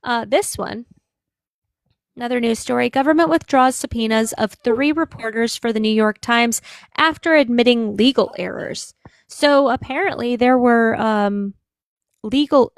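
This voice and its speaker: Woman with a creaky, high-ish voice. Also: dry recording. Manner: conversational, hesitant with fillers. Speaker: livestream host reading news. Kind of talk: casual political commentary.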